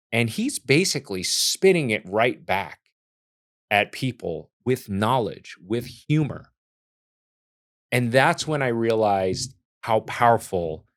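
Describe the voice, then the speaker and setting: A man hosting a reaction video, talking in an earnest, reflective and casual way with frequent restarts. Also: lowish voice. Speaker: chef and reaction video host.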